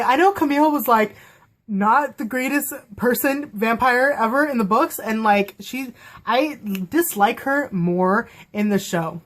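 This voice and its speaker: Bubbly young woman gushing about a show. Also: a little high. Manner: bubbly, gushing, laughs often, acts out quotes. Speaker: TV episode reviewer. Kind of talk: casual vlog review.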